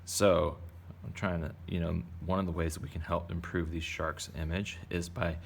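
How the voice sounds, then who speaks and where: A man with a low, gravelly voice keeps a level tone and moderate pace, hardly pausing, over slight background noise. He's an art teacher giving kids a casual, playful drawing tutorial, chatting through each step.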